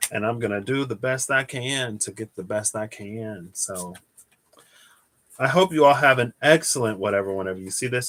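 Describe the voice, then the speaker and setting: A man giving a casual livestream tarot reading, thinking aloud in a rambling way with restarts and soft chuckles. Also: fairly low pitch. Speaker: tarot reader.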